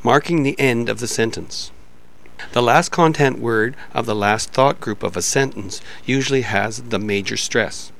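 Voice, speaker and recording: A man narrating a pronunciation lesson in a measured, explanatory reading style. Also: medium pitch, vocal fry, a bit bright. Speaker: pronunciation instructor.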